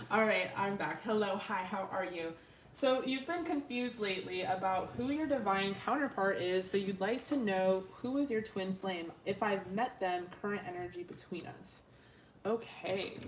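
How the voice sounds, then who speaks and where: A woman's voice: medium pitch, unhurried, a little hiss or hum. A woman giving a live tarot reading with channeled messages, talking casually and frankly, swearing freely and laughing often. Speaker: tarot reader.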